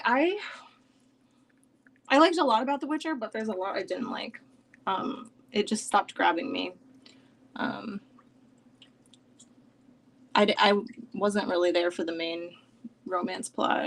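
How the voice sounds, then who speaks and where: A young woman chatting on a casual live stream from home, rambling with lots of "like" and sometimes dropping to a soft near-whisper. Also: mid-range voice, creaky. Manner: chatty and rambling, heavy use of "like". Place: home, at her desk with her dog nearby.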